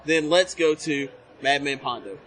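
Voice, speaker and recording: A man's voice: a little high, expressive, a little slow, fairly bright tone, slight background noise. A man hosting a casual podcast interview at a convention, who hypes up his guest and plugs his show. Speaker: podcast host. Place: busy convention hall.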